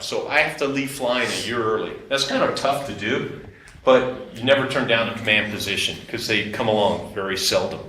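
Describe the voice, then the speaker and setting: A middle-aged man tells his career stories to a class in a casual, talkative way, acting out old conversations. His voice is bright and forward. The room is echoey, with a faint hiss underneath. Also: medium pitch. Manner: conversational, animated retelling of dialogue. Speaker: retired Air Force officer, JROTC instructor. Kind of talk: casual career storytelling to students.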